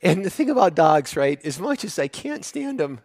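A man's voice: high-pitched, big pitch swings, normal speed, darkish tone, dry recording. A male pastor preaching a sermon in a conversational, joking and emphatic way.

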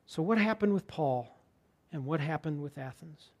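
A man preaching a sermon as pastor, earnest and conversational, sometimes dropping to a hushed tone for emphasis. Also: a little high, lively intonation, normal speed.

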